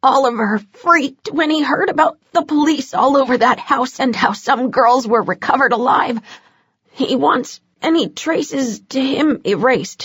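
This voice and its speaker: A cornered male henchman in an audiobook, snide and gabbling out his confession in a rush, as a woman narrator puts him on. The voice is husky, with a dry, close sound. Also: high voice, fairly bright tone, no room sound, pitched above the performer's own voice, full character voice. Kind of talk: audiobook character voice.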